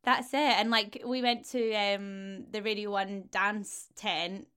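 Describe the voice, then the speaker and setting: Chatty Glaswegian woman with smooth voice. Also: medium pitch, fairly even intonation, slow pace, fairly bright tone. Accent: Glaswegian Scottish. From Glasgow, Scotland. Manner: chatty, laughing often, many fillers. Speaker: guest. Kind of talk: casual chat.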